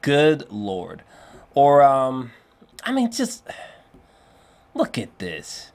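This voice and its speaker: A man giving a casual spoken film review, rambling and excitable, with lots of fillers and restarts and free swearing. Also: mid-range voice, extremely slow. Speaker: movie reviewer.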